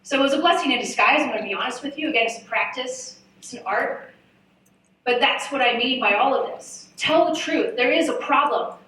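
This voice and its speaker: A woman speaking on a conference panel, telling frank, lively stories and poking fun at herself. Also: high voice, fairly quick. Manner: candid, lively storytelling with self-mocking asides. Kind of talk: live panel talk at a marketing summit. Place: large event hall. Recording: echoey hall, voice from far off.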